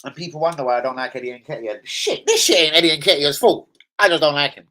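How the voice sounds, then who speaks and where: A man, ranting angrily and profanely on a live football fan stream, swinging between loud outbursts and low mutters. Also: fast talker.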